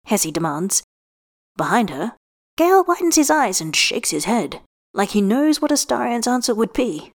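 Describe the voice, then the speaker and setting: A woman reading a story aloud in an expressive way, shifting her tone from line to line. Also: mid-range voice, normal speed. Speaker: reader. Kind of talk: storybook narration.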